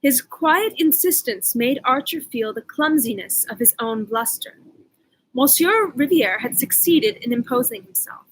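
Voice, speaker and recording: A woman's voice: sits high, expressive, measured pace, a little hiss or hum, rough recording. A woman reading a classic novel aloud, with casual asides to her dog. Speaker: audiobook reader.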